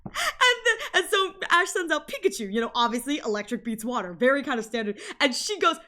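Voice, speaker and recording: A woman's voice: sits high, sing-song, fast talker, sharp tone. A woman streamer chatting casually with viewers, rambling with many restarts and frequent laughs.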